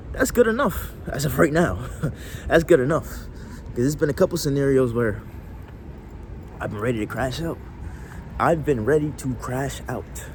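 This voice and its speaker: Male vlogger, casual rambling storyteller, animated delivery, recorded outside with street noise. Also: medium pitch. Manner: rambling, restarts often, slangy.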